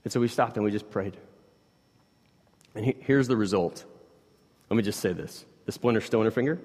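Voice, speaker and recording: A man's voice: fairly low pitch, brisk. Pastor, man, 30s, chatty sermon delivery that drops to near-whispers and rises again, long hall reverb. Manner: conversational, swings from hushed to loud, many "like" fillers.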